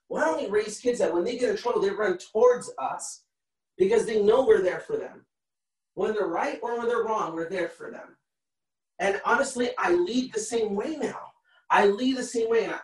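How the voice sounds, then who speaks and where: A man in his thirties tells stories with animated energy, acting out other people's voices and repeating his points for emphasis. He sounds distant from the microphone, and the space around him has a roomy echo. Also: sits high. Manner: animated, acts out quotes, repeats himself. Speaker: podcast guest, motivational speaker. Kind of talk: storytelling in a podcast interview. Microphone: call recording.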